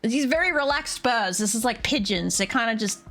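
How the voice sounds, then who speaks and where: Woman streamer, high lively voice, bright, swears a lot, yells at the game, faint game music behind. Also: normal speed. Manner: excitable, foul-mouthed, talks to the game. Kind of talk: live gameplay commentary.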